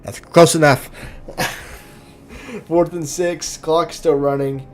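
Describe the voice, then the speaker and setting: Speaking very slowly in a steady tone, this young Oklahoma man has a voice on the high side. He jokes his way through play-by-play of a video game football league, laughing frequently and stumbling over names.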